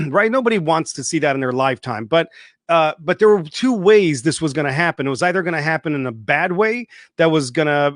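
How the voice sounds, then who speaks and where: A man's voice: on the high side, dry recording, clean studio sound. A man hosting an unscripted livestream monologue, emphatic and repetitive, swearing freely. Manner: emphatic, repetitive, swears freely, mocks people in put-on voices. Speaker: online show host.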